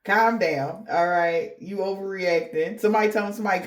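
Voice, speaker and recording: A woman's voice: on the low side, normal speed. A woman giving a casual spiritual reading to viewers, blunt and profane, chatting with laughing asides. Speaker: tarot card reader.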